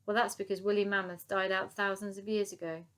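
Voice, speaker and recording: A woman voicing a bossy, clever little girl who speaks high and matter-of-fact in a storybook reading. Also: level tone, fairly quick, a bit bright, close to an everyday voice.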